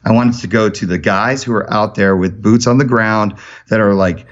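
Male podcast guest, lively storyteller, low voice, muffled lo-fi sound. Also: moderate pace. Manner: energetic storyteller, many restarts. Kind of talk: casual interview talk.

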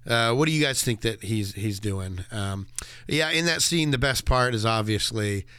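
A man's voice: lowish voice, lively intonation, moderate pace, a bit bright, clean tone, no echo, studio quality. A man co-hosting a movie podcast, chatting casually and animatedly, laughing and acting out quotes. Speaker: podcast co-host.

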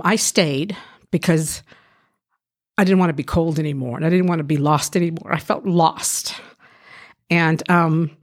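Lady w a lowish voice telling her life story to an interviewer, earnest, lots of ums and restarts. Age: adult. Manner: earnest, halting, with frequent "um" and restarts. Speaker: guest sharing her life testimony. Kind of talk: emotional personal testimony.

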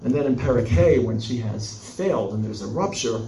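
A man teaching a text study lesson with an animated delivery, shifting between Hebrew verses and explanation. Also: mid-range voice, normal speed, slight background noise. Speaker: Bible teacher. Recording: roomy echo from a distance.

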